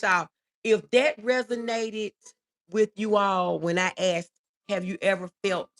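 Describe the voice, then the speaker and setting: Creaky and mid-range, this middle-aged woman's voice carries a warm, emotional tone as she runs a casual livestream. She reads out viewer comments and talks with feeling.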